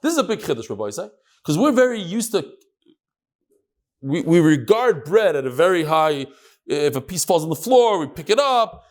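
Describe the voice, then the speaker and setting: A man's voice: a little high, very animated, normal speed. A man teaching a Talmud class to a room of listeners, joking in asides between readings of the text. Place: classroom with live audience.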